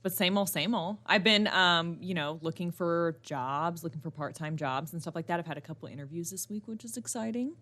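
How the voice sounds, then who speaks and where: A young woman chats on a podcast she co-hosts, her voice bright and forward. She tells stories with animation and breaks into laughter easily. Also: lowish voice. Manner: animated storyteller, quick to laugh. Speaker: podcast co-host. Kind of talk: casual chat.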